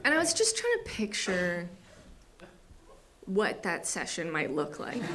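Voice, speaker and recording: A woman's voice: lowish voice, big pitch swings, takes it slowly, heavy background noise. A young woman performing stand-up comedy on a small theater stage, laughing often and acting out other people's voices.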